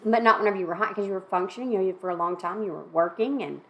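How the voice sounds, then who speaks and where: A woman hosting a candid talk with her younger sister, asking questions gently and backing her up with frequent soft murmurs of agreement. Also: medium pitch, very fast, muffled recording. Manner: gentle, supportive, many mm-hmms. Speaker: host, older sister interviewing. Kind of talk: conversational interview.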